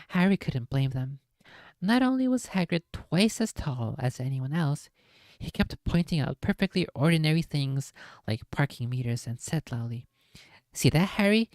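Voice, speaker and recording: Woman streamer reading aloud; low, casual, jokey, swears in asides, dry close sound. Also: a little mellow, no echo.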